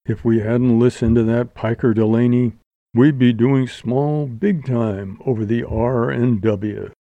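A man's voice: medium pitch, fairly even intonation, unhurried, no room sound, phone-quality sound, lightly acted. A man voicing a vain young male actor in an audiobook, slangy and mock-solemn. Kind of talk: audiobook character voice.

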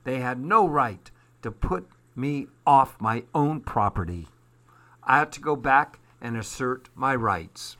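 A man doing a gruff old hobo. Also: medium pitch, lively intonation, takes it slowly, pushed and bright, heavily acted. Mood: indignant. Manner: growling, gruff.

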